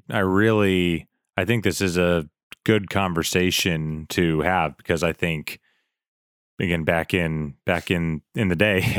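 A man's voice: sits low, a bit bright, clear, resonant tone, no echo, clean studio sound. A man hosting a podcast interview, chatting casually with upbeat short reactions. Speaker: podcast host.

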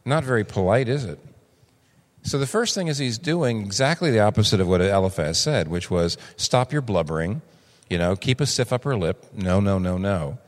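Older male pastor, 60s, lively expressive sermon delivery, long hall reverb. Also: moderate pace. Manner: animated, acts out quoted voices with big pitch jumps.

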